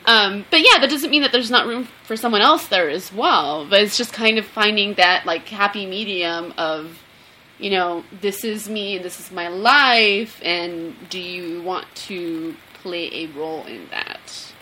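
A woman's voice: mid-range voice, measured pace, sharp tone, a little hiss or hum. A woman co-hosting a casual conversation, speaking candidly and frankly. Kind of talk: casual chat.

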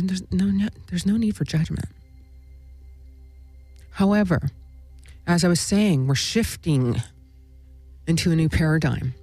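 A woman's voice: fairly low pitch, mellow, no room sound. A woman hosting a spiritual talk show, speaking in a meandering monologue full of "you know" and "right?". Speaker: host.

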